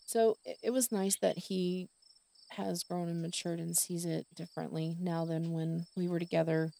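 Podcast host, middle-aged woman, low gravelly voice, mellow tone, chatty confessional monologue, crickets behind. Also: little pitch movement, normal speed. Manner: rambling, candid, with many fillers and quoted dialogue. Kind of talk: casual personal monologue.

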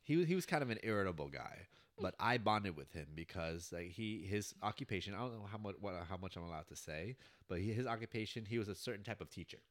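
A man's voice: on the low side, fast. Laid-back young man telling stories. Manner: animated storyteller, laughs often. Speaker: podcast host. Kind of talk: casual chat among friends.

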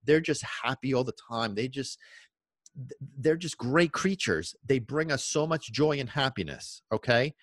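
Dog trainer guy ranting emphatically on his podcast, lots of "okay?", mid pitch, dry sound. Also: animated, unhurried, no room sound. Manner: emphatic, repeats "okay?" and rhetorical questions. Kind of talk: podcast monologue.

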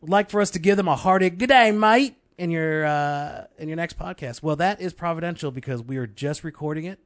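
A man's voice: fairly high pitch, fairly quick, no echo, studio quality. A man co-hosting a casual theology podcast, playful and joking, easily sidetracked. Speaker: podcast co-host.

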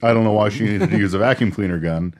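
Man, podcast co-host, casual movie recap, rambling, laughs often, lowish voice. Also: a little mellow. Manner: rambling, laughing, acts out characters in quick impressions.

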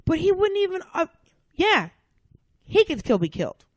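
A woman's voice: very high voice, normal speed, no echo. Blunt, profane woman from the South. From American South. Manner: blunt, profane, animated storytelling. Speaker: podcast guest, comedian. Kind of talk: casual chat.

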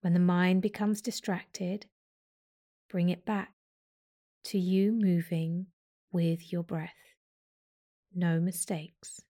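Gentle woman guiding a breathing practice. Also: on the low side, flat delivery. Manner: slow, gentle guiding instructions. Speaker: yoga teacher. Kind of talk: guided breathing meditation.

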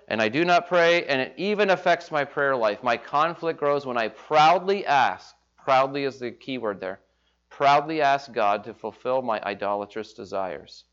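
A man's voice: on the high side, a bit bright. A man preaching a sermon as pastor, talking in a conversational way and acting out the voices of people he quotes. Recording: slightly dull lo-fi sound.

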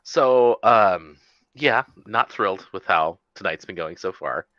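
A man's voice: low-pitched, animated, slow pace, pushed and bright, no room sound. A man playing a tabletop game, chatting casually and sarcastically with mocking asides. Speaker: player. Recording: dull lo-fi mic.

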